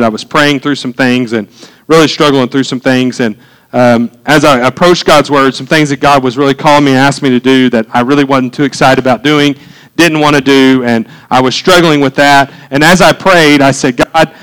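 A man's voice: medium pitch, a bit bright, poor audio. A man preaching a conversational sermon as pastor, building to fervent emphasis.

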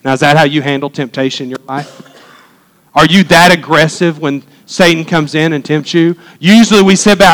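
A man delivers a sermon built around a personal story. His voice sits high for a man, and he talks in an animated, emphatic way that swells on the dramatic beats. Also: normal speed, low-quality recording. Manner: animated, emphatic, exclaims sound effects. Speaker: pastor.

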